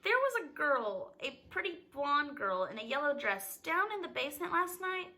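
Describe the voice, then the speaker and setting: A woman's voice: sits high, big pitch swings, normal speed, sharp tone, voice pushed up, exaggerated voice. A woman voicing a timid, wary young servant girl who speaks nervously and hesitantly.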